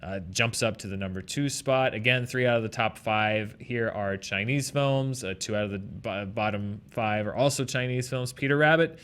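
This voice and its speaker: A man hosting a casual box office chart rundown, chatty and quick with asides. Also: on the low side, fairly bright tone, clear, resonant tone. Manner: chatty, runs through figures with quick asides. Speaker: box office show host.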